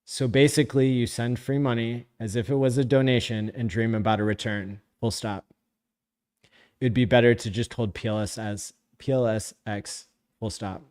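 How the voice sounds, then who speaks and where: A man hosting a live stream, reading viewer comments out loud in a blunt, sarcastic, casual way. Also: mid-range voice, fairly even intonation, normal speed. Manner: blunt, sarcastic, profane, often laughing.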